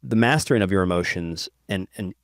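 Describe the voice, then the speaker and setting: Low-voiced man asking a halting question. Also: expressive, no echo, clean studio sound. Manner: hesitant, searching for words, many restarts. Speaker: podcast host. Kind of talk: interview questions.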